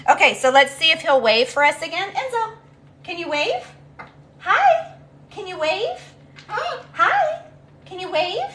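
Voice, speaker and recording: A woman's voice: high-pitched, fairly bright tone. A woman chatting casually and rambling with her viewers on a live stream from home, with plenty of ums. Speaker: livestreamer talking to her viewers. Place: at home, walking between rooms.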